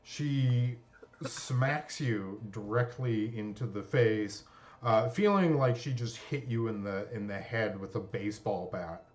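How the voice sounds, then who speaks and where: A man narrating a tabletop game as game master, unhurried, with many filler pauses. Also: lowish voice, highs cut off.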